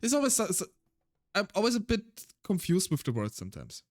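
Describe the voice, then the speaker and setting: A native German-speaking man with a German accent talks on his stream in a rambling, self-deprecating way. His voice sits a bit high for a man. Soft music plays faintly under him. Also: wildly swooping pitch, brisk. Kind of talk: casual solo stream chat.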